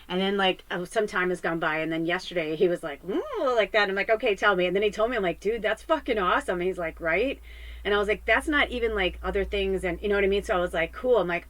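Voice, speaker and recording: A woman's voice: mid-range voice, fast, fairly bright tone, poor audio. A woman tarot reader and medium chatting candidly and earnestly with her viewers, swearing freely and encouraging them. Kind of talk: casual spiritual chat to viewers.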